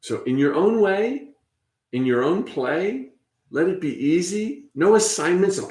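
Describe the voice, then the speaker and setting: A man hosting a spiritual talk, conversational and encouraging, often repeating phrases softly as he guides listeners. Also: a little high, very animated, unhurried, echoey room. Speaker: host.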